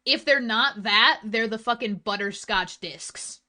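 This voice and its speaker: Bright-voiced young woman streamer. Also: fairly high pitch, unhurried. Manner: chatty, swears a lot, blunt opinions. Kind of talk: casual chat stream, reading chat.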